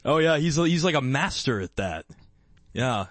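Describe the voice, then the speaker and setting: A man hosting a podcast in casual chat, easygoing and quick to laugh, steering the conversation onward. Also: medium pitch, animated, a bit bright, no room sound. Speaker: podcast host.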